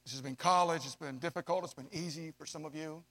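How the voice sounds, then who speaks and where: A man preaching a sermon to young adults, swinging from hushed asides to loud, drawn-out emphasis. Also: fairly high pitch. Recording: long hall reverb.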